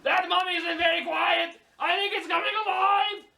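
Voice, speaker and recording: A shrieky, panicky comedy host. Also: male voice, very high-pitched, fairly even intonation, normal speed, gravelly, bright, forceful tone, full character voice. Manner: screams and yelps in panic, bursts into giggles. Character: shrieky, excitable, easily panicked show host character. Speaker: comedy web show host. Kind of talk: improvised comedy bit. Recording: echoey room, mic far off, faint noise.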